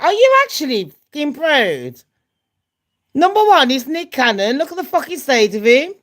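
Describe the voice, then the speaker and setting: A woman, hosting her channel and gossiping in a loose, profane way, often laughing at her own jokes. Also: sits high. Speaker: channel host. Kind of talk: casual gossip chat.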